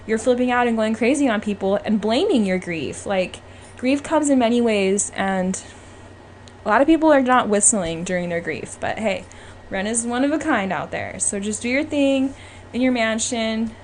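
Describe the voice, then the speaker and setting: A woman's voice: a little high, animated, normal speed, slight background noise. A young woman hosting her own podcast, chatting casually and full of opinions, often tagging "okay?" onto her points. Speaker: podcast host. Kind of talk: casual solo podcast chat.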